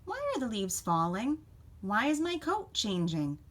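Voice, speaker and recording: A woman's voice: mid-range voice, very animated, measured pace, a bit bright, slight background noise. A woman voicing a curious, worried young fawn in a storybook, asking questions hesitantly. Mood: puzzled.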